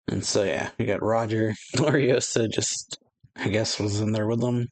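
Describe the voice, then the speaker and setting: A man's voice: lowish voice, fairly even intonation, moderate pace, darkish tone, no echo, poor audio. A man hosting an anime reaction channel, reading through manga pages in a casual, rambling way with frequent chuckles and filler words.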